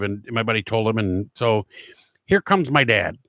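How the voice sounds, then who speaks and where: A man's voice: on the low side, moderate pace, fairly bright tone, no room sound. A middle-aged man hosting a talk show and telling casual stories. He rambles, with frequent fillers and restarts. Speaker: former police officer. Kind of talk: casual storytelling monologue.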